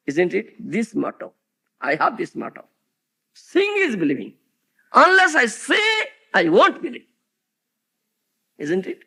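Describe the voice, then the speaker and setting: A man's voice: high-pitched, sing-song, measured pace, gravelly, pauses often, bright, forceful tone. A man giving a devotional lecture as a spiritual teacher, peppering it with rhetorical questions like "huh?" and "isn't it?" to his audience.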